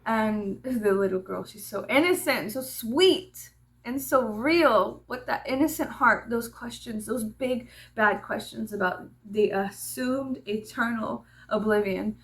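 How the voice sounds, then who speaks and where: A woman vlogger chatting casually, telling an animated, profane story with laughing asides. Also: fairly high pitch, a little slow.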